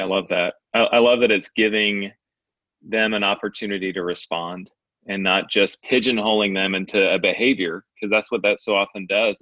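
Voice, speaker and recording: A man's voice: lowish voice, bright, forceful tone, dry recording, poor audio. A man hosting an interview, affirming his guests in brief replies. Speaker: host.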